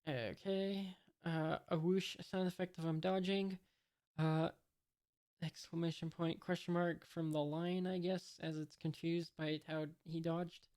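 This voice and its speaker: A woman's voice: on the low side, fairly even intonation, a little slow, a little mellow. A woman casually reading a comic aloud, hesitant with many fillers and unsure asides. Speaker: comic reader.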